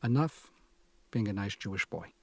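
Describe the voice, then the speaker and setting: Audiobook narrator: a man, sardonic and anguished, husky voice, dry close recording. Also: fairly low pitch, lively intonation, moderate pace, a little mellow, no echo. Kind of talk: dramatic first-person audiobook reading.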